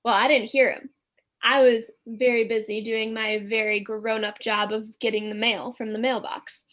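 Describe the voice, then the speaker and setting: A woman guest telling a personal story in a casual interview, animated and full of filler words. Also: a little high, moderate pace.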